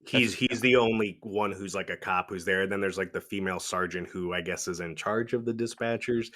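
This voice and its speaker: Laid-back low-voiced man co-hosting a podcast. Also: fairly quick, a bit bright. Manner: laid-back, laughs often, says "dude" and "like" a lot. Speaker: podcast co-host. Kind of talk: casual movie-review chat.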